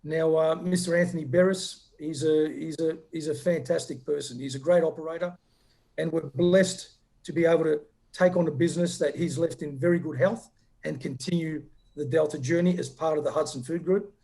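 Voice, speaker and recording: A man answers interview questions in an earnest, upbeat way, often stumbling over the first words of a sentence. His voice is gravelly and mellow, sitting a little high. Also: steady tone, normal speed. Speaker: company founder, guest.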